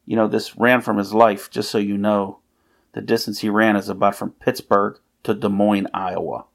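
A man delivers a sermon in a low, gravelly voice. He reads scripture with earnest emphasis, pausing on key phrases. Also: flat delivery. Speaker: preacher.

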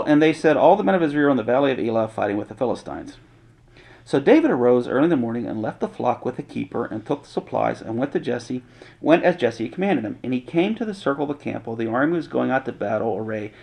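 A man's voice: mid-range voice, vocal fry. A man teaching from the Bible, reading passages aloud and then explaining them in casual everyday talk with light jokes. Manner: reads scripture then explains it in plain modern talk with jokes. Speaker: pastor.

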